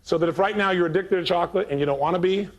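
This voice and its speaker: A man giving a live motivational seminar, telling a story and acting out both sides of the dialogue with animated energy. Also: high-pitched, rapid-fire.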